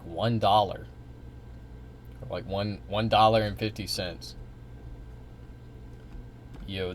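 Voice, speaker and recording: A young man live streams his reaction to a clip, talking casually and rambling, full of fillers and swearing. His voice is on the low side, with a little hiss or hum in the recording.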